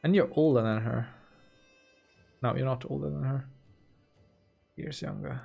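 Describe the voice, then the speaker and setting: The recording is muffled, and soft game music plays behind a man whose mid-range voice is unhurried, slightly rough and marked by vocal fry. He's a gaming host giving casual let's-play commentary on his strategy game, musing and playfully talking to himself.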